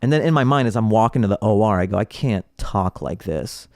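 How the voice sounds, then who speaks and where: A man's voice: lowish voice, a little fast, no room sound. A man who is a comedian guest, telling stories in casual podcast chat and laughing often. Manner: animated storyteller, laughs often.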